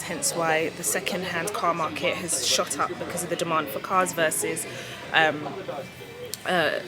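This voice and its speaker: Chatty woman vlogging. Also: lowish voice. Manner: chatty, rambling, excitable. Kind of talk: casual chat to camera. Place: car dealership.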